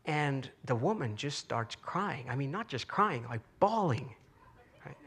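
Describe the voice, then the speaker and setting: Man with a slightly high voice for an inspirational stage talk, relaxed storyteller. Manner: storytelling, conversational, frequent fillers. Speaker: speaker.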